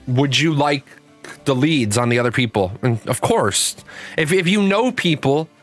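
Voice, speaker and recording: A man hosting a livestream in a loose, rambling way, telling stories and answering chat with plenty of restarts. His voice sits a little high for a man. Faint music plays behind him. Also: fairly bright tone. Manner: rambling storyteller, restarts, talks to his cat. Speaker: livestream show host. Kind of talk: casual chat with chat readers.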